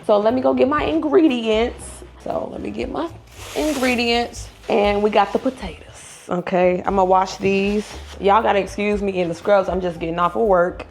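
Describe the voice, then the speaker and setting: A woman's voice: mid-range voice, steady tone, moderate pace, a little mellow. A woman, hosting a casual cooking vlog in her home kitchen, chatty and candid. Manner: chatty, candid, laughs often. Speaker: YouTube cooking channel host.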